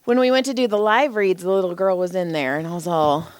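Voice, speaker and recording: A woman's voice: on the low side, fast, smooth, dry recording, studio quality. A woman co-hosting a podcast, an indie author chatting in a frank, self-deprecating way with lots of laughs. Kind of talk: casual chat.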